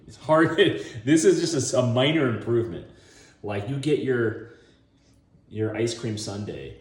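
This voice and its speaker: A man hosting a casual, rambling monologue. He chuckles often and acts out scenes in voices as he pitches a movie idea. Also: echoey room. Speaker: online video host.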